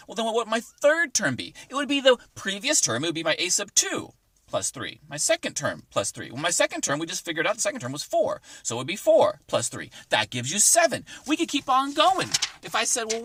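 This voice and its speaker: Upbeat teacher with a bright, lively voice. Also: male voice, high-pitched, brisk, breathy edge, dry recording. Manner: encouraging, chatty, thinks aloud. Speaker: math teacher. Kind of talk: casual recorded math lesson. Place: inside a parked car.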